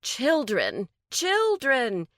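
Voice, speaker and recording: A woman's voice: high voice, huge pitch swings, very slow, a bit bright, no echo, studio quality, voice pushed up, full character voice. A woman voicing Jillian, a prim woman who scolds her friends in a mock-stern way and weighs things carefully.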